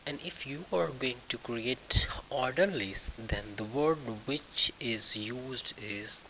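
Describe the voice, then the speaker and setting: Bright-voiced man teaching a software tutorial. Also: medium pitch, slight background noise, poor audio. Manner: halting, thinking aloud with fillers and restarts. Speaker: tutorial instructor. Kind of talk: screen-recorded software tutorial.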